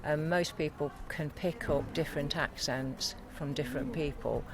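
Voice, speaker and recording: An easygoing man with a Midlands accent answers a street interviewer. His voice sits a touch high for a man. The talk is relaxed and informal. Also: normal speed, vocal fry, background noise. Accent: Midlands English. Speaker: passer-by interviewee. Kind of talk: casual street chat. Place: city street outdoors.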